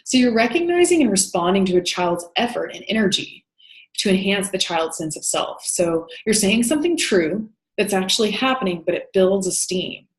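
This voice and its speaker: A woman's voice: mid-range voice, big pitch swings, moderate pace, roomy sound, rough recording. A woman teaching counseling in a recorded lecture, explaining step by step with frequent "um" and "you know". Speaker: counseling instructor.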